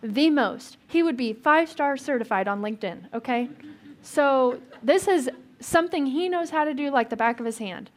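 A woman pastor's relaxed, chatty sermon moves at normal speed with few pauses. She quizzes her listeners and slips in light jokes, her voice a touch higher than average.

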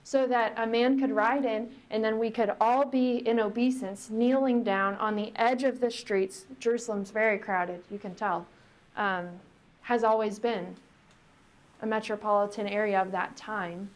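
A woman pastor reading scripture aloud and preaching in a reflective, conversational way, slowing down for emphasis. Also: medium pitch, steady tone.

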